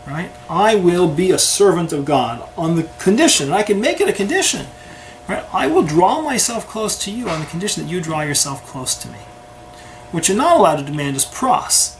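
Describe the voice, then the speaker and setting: A man's voice: high voice, moderate pace. Man teaching a Torah class, noisy recording. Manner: conversational, keeps asking "right?". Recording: steady background noise.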